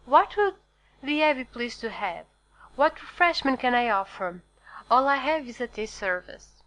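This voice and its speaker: A woman's voice: fairly high pitch, animated, a bit bright, poor audio. A woman reading as a fawning male innkeeper. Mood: eager. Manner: effusive, apologetic, hurried. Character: fawning middle-aged male innkeeper, eager to please. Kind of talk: audiobook character reading.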